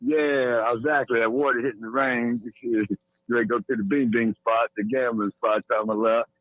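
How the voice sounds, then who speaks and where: A man from West Virginia calls in to a live show from his bike out in the rain. The phone line is thin and tinny, with no room sound at all, and he talks excited and loose. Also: mid-range voice, normal speed, no echo. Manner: excited, casual, profane. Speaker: caller. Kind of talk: casual phone call. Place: outdoors on a motorbike in rain.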